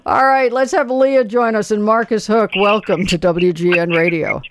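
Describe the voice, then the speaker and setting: A woman hosting a radio call-in show, relaxed and encouraging with quick asides. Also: mid-range voice, dry recording. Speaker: radio talk show host. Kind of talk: casual radio chat.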